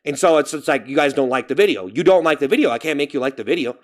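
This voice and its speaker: A man's voice: on the high side, animated, rapid-fire. A young man streaming live, talking in a dejected, rambling way and repeating himself as he thanks viewers for gifts. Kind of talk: casual livestream chat.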